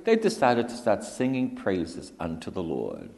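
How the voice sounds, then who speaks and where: A male preacher delivers a slow sermon in a low, gravelly voice. He repeats his phrases and sinks into whispers to press a point. A long reverb from the hall hangs behind him. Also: huge pitch swings, darkish tone. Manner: slow and repetitive, dropping to whispers for emphasis.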